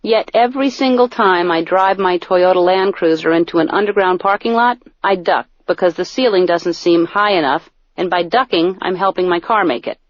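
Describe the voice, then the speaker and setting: Deadpan woman reading her comic audiobook. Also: fairly low pitch, moderate pace, hardly any pauses, dry recording. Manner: deadpan, self-mocking comic delivery. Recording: dull, dry studio recording.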